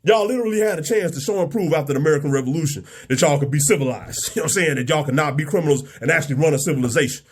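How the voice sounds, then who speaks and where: Husky, fairly high-voiced man, live rant, scoffing and combative, chuckles through lines. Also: racing, few pauses. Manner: mocking, combative, laughs between phrases; repeats "you know what I'm saying" often. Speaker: online commentator. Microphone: remote live stream.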